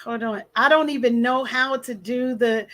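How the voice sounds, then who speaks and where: At home, a woman hosts a casual livestream, greeting viewers and reading comments aloud while tripping over names. Her voice sits on the high side, with a fairly bright tone and a moderate pace.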